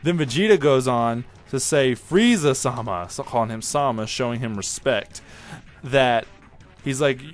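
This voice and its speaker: A man talks through an anime episode in a loose, rambling review, getting excited and correcting himself as he goes. His pitch sits mid-range for a man. Soft music plays faintly underneath. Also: normal speed. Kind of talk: casual spoken episode review.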